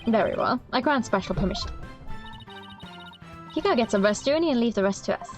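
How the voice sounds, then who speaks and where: A woman streamer reads through a courtroom video game aloud, voicing the lines and tossing in playful, amused remarks. Her voice sits fairly high. Soft background music plays underneath. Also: lively intonation, brisk. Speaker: streamer playing a visual novel.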